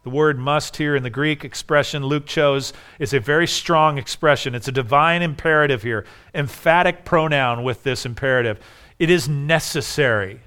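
A man preaching a sermon, emphatic, dropping soft and then rising loud. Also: on the high side, normal speed, clean tone.

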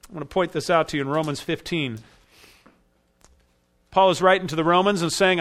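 A man's voice: a little high, a little fast, long pauses, fairly bright tone. A man preaching an expository sermon with emphatic rising bursts. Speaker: pastor.

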